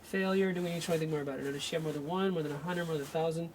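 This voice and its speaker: A man's voice: fairly high pitch, fairly even intonation, rapid-fire, a little hiss or hum. A man working as an energy healer, thinking aloud and breaking off mid-sentence as he runs a live remote healing session. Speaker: radio show host.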